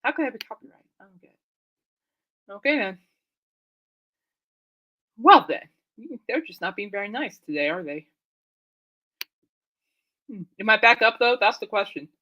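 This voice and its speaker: A woman hosts her own live podcast, rambling through her thoughts with plenty of fillers and excited exclamations. Her voice is bright and forward, and her pitch sits in the middle of the range. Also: moderate pace, long pauses, lo-fi sound. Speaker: podcast host. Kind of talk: casual live-stream chat.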